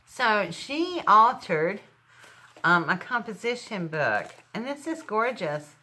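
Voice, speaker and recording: A woman's voice: medium pitch, big pitch swings, slow, bright, forceful tone. A middle-aged woman chatting casually as she unboxes craft gifts, gushing over each item. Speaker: crafting channel host.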